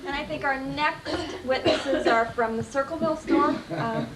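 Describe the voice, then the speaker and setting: A woman emceeing a roast, calling up the next speakers in an unhurried way. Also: high-pitched. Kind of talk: announcing speakers at a party. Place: party hall with an audience. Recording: distant echoey home video mic, loud hiss and crowd.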